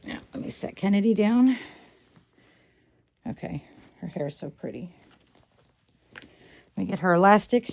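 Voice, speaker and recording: A woman's voice: mid-range voice, expressive, measured pace, gravelly, pauses often, a little mellow. A middle-aged woman casually explaining step by step how to style a doll's hair, chatty and instructive, checking in often with "okay". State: hiccups. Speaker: reborn doll hair tutorial host.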